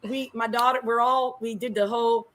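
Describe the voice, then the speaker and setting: Animated, slangy woman telling stories. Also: on the high side, moderate pace. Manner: animated, slangy, swings into loud excited peaks. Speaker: guest. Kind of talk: casual storytelling on a show.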